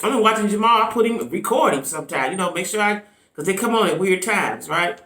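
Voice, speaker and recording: A woman chatting through her vlog commentary with a lively, swooping voice, leaning on quick asides to her viewers. The recording carries a roomy echo around her. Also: mid-range voice. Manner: animated, chatty, frequent "right?" asides. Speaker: YouTube commentator.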